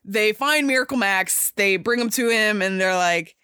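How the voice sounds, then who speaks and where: Bright-voiced young woman, chatty and excitable. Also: medium pitch, normal speed, hardly any pauses, clean tone, dry recording, clean studio sound. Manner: chatty, excitable, swears, lots of "like" and "uh", acts out quotes. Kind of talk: casual movie recap.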